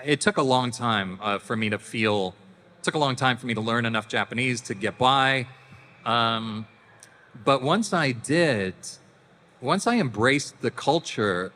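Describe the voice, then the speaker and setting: A man's voice: mid-range voice, bright, forceful tone. A middle-aged man from Canada, a panel guest telling stories casually and animatedly to a convention audience, with laughs and acted-out voices. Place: large convention hall. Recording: reverberant hall with faint noise.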